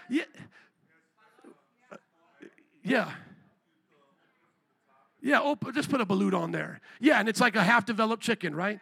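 A man preaching a sermon as pastor, animated and joking, firing rhetorical questions at the congregation. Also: high-pitched, vocal fry, no echo.

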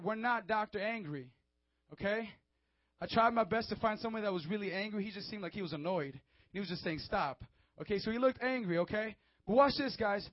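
Male preacher, high voice, fervent emphatic sermon, dry dull lo-fi recording. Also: no echo. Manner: fervent, emphatic, calls out to listeners. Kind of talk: sermon to a young audience.

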